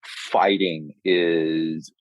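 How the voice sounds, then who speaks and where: A man talking as a podcast guest in casual chat, rambling with halting restarts. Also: deep voice, little pitch movement, no room sound. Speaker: podcast guest, dating coach.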